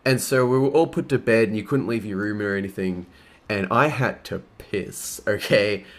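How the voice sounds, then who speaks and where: A man's voice: lowish voice, fairly bright tone. Crude, swearing young man. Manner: crude, swears a lot, laughs while telling stories. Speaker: YouTuber answering fan questions. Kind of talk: casual Q&A storytelling.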